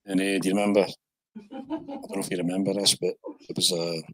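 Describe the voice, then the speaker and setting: An older Scottish man with a low, husky voice chats on a podcast, spinning long anecdotes and chuckling as he goes. The sound is dry and close. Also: lively intonation, brisk, a bit bright, no room sound, faint music behind, rough recording. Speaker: podcast guest. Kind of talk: casual podcast chat.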